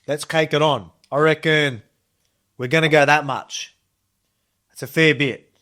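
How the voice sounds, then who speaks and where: An Australian man in his thirties talks his way through a casual kitchen demo, rambling and enthusiastic as he goes. His voice sits a little on the high side for a man. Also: steady tone, a little slow, sharp tone. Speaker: cooking video host.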